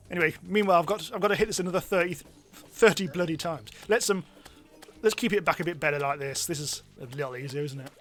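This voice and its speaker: A man giving chatty, self-mocking live commentary as he streams a game, now and then bursting into excited yelps. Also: fairly high pitch. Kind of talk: live let's-play commentary.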